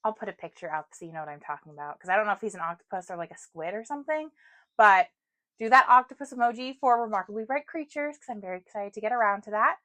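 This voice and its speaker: A woman's voice: mid-range voice, animated, quick pace, pushed and bright. A woman chatting casually about books at home, chatty and self-deprecating, with lots of "like". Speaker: booktuber. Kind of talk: casual book chat.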